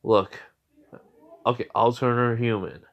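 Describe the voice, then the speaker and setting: A man's voice: medium pitch, steady tone, unhurried, lo-fi sound, lightly acted. A man voicing a cocky, impatient male demon king in a casually told fan story, brushing things off. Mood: annoyed. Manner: impatient, dismissive.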